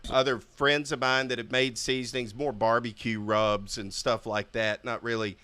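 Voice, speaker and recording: A male podcast host with a bright, sharp tone and crisp clarity. He talks casually and animatedly, laughing often, and the sound is close and dry with no room. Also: mid-range voice, flat delivery, normal speed, no room sound.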